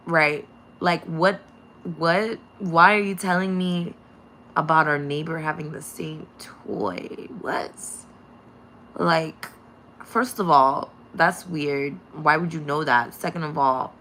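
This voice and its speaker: Bright-voiced woman giving a rambling spiritual message. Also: on the low side, unhurried. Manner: rambling, repetitive, laughs often, swears. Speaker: spiritual channel reader. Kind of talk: casual spiritual message to viewers.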